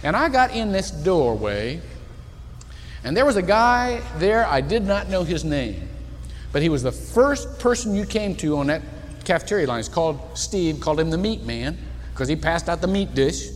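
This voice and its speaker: A man's voice: normal speed, big-room sound. A man preaching a sermon as pastor, telling a story and acting out the people in it. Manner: storytelling, acts out the people in his story with animated shifts in pitch and volume. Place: church sanctuary.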